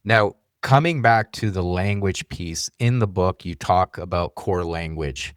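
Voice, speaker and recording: A man hosting an interview podcast, soft-spoken and affirming, sharing his own experience and asking follow-up questions. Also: deep voice, a little slow, no room sound, studio quality. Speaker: podcast host. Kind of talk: conversational interview.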